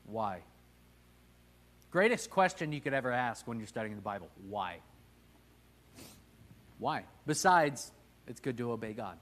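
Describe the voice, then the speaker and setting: A man's voice: medium pitch, expressive, unhurried, long pauses, fairly bright tone. A man teaching a casual Sunday Bible class, joking and talking with the room and putting questions to the class. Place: church classroom.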